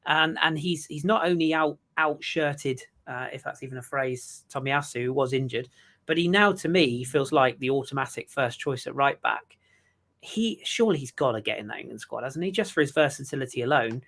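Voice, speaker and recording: A man chats about football as a podcast co-host, his voice sitting at an ordinary middle pitch. He jokes along and keeps restarting his sentences, with plenty of ums along the way. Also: normal speed, fairly bright tone. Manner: chatty and joking, with many fillers and restarts. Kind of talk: casual football chat.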